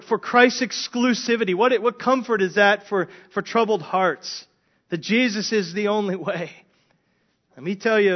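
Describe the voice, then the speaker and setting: A pastor preaching a sermon in an earnest way, often repeating words as he builds his points. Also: high voice. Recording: dull lo-fi sermon recording.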